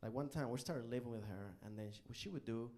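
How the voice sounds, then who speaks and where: A man doing a live stand-up comedy set on a club stage, animated and bursting into loud character voices. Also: mid-range voice, fast.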